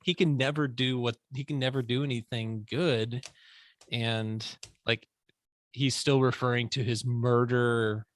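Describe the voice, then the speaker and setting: A man co-hosting a podcast, talking sympathetically and haltingly as he searches for his words. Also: medium pitch, steady tone. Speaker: podcast co-host. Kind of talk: casual music discussion.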